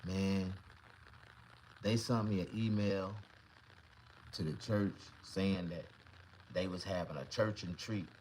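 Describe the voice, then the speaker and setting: A man vlogging to camera, telling a comedic story in a profane, boastful, animated way. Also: deep voice, slow pace, pauses often, slight background noise, poor audio.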